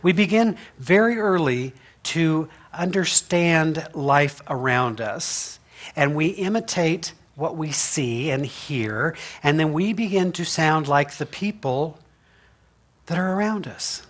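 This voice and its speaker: Pastor, male, slightly higher voice, folksy humorous sermon delivery with frequent laughs and rhetorical "right?". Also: animated, slow. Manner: chatty and humorous, laughs often, asks "right?". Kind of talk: conversational sermon. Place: church sanctuary.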